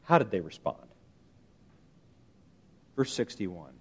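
A man preaching a sermon, emphatic and animated, often asking his listeners rhetorical questions. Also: fairly low pitch, takes it slowly, slightly rough. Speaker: pastor.

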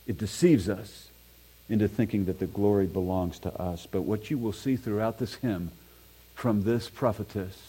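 A man's voice: fairly low pitch, moderate pace, dark tone, husky, poor audio. A man preaching a sermon in a church, reading scripture aloud with earnest emphasis and self-deprecating asides. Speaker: pastor. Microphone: microphone.

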